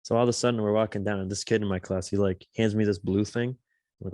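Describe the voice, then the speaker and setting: A young man co-hosting, telling rambling, slangy stories in relaxed casual chat. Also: on the low side, fast, no room sound, studio quality. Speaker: co-host reading confessions.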